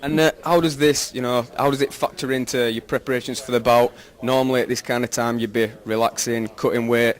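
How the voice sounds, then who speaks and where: Flat-voiced male interviewer. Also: mid-range voice, fairly quick, few pauses. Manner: loose, filler-heavy questioning. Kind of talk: interview questions.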